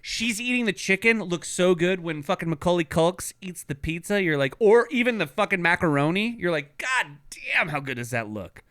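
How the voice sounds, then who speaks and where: A young man with a bright, crisp, clear voice, co-hosting a casual comedy podcast. He tells rowdy, profane stories and jumps into quoted voices along the way. His pitch sits a little on the high side. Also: animated, brisk, few pauses, no echo, clean studio sound. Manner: loud, profane storyteller who acts out quoted voices. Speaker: podcast co-host.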